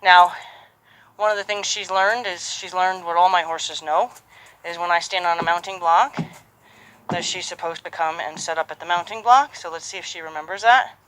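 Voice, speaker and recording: A horse trainer working a horse outdoors, speaking calmly and giving repeated soft praise while explaining each step. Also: mid-range voice, moderate pace, rough recording. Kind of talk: live training commentary.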